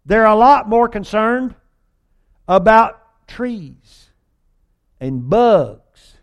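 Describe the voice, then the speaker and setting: A man's voice: high voice, very animated, drawn-out words, smooth. A man preaching a sermon with a folksy, humorous delivery, acting out whiny voices with exaggeration.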